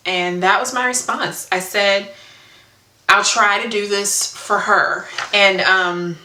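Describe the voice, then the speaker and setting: A woman's voice: mid-range voice, fairly even intonation, takes it slowly, sharp tone. A woman telling an emotional story in a casual vlog, earnest and full of ums as she checks her notes. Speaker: hair vlogger. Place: indoor room at home. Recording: echoey room.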